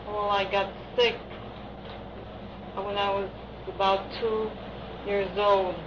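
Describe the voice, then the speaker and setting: A woman under hypnosis answers in short, halting phrases. Her voice is flat and slow. The old recording sounds dull, with a constant hiss. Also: mid-range voice. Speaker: hypnosis patient.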